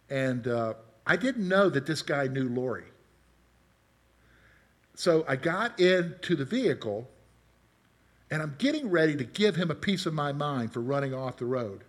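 Middle-aged male preacher, slightly high voice. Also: lively intonation, normal speed. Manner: asks the congregation questions and tells personal stories. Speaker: pastor. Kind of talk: conversational sermon.

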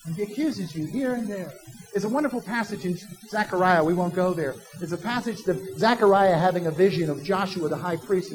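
A man's voice: high-pitched, low-quality recording. A man, a pastor, preaching a conversational sermon with personal asides and quoted imagined voices.

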